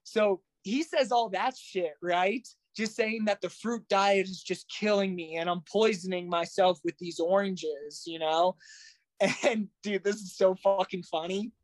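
A young man telling a story in a casual, animated way, swearing a lot and using slang. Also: sits high, measured pace, no room sound.

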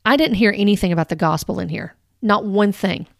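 A woman's voice: medium pitch, brisk, creaky, no room sound, clean studio sound. A woman giving earnest commentary on a religious teaching, reading quotes aloud and rebutting them point by point. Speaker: Christian commentator.

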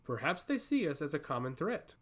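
Male narrator playing a proud, rude high priestess: curt and indignant. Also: sing-song, brisk. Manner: curt, indignant, sharply questioning. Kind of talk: audiobook fantasy reading.

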